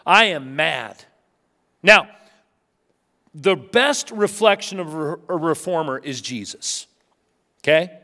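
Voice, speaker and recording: A middle-aged man preaches in a church sanctuary, his voice sitting high for a man. He tells stories with lively energy and slips into the voices of the people he quotes. The sound carries a long hall reverb. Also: a little slow, long pauses. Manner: animated storytelling, acts out quotes. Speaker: pastor. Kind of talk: sermon.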